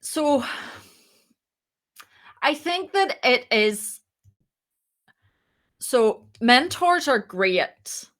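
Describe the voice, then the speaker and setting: A woman, a startup founder, telling her story as a podcast guest, lively and acting out the voices in her anecdotes. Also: high-pitched, extremely slow, pauses often. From moved to Ireland. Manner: lively, acts out quoted dialogue. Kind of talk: casual interview storytelling.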